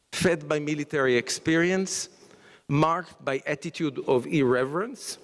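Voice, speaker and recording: A man, a scientist and professor, giving a summit talk in a halting way, full of restarts, fillers, "sort of" and "okay?". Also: on the high side. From Israel. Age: older. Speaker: conference speaker. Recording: long reverb of a large hall.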